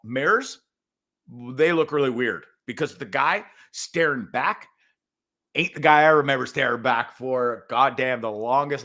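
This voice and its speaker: Animated, profane man ranting. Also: medium pitch. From Canada. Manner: profane, animated storytelling with loud outbursts. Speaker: podcast host. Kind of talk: casual ranting monologue.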